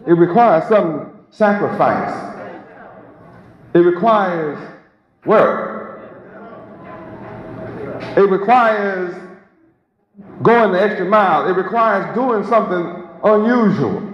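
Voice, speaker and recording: A man teaches a sermon in an emphatic, rhetorical way, lingering on key words; he is a religious teacher. His voice sits high and animated, and he takes it slowly with long pauses. The audio is an echoey lo-fi recording of a hall with a crowd.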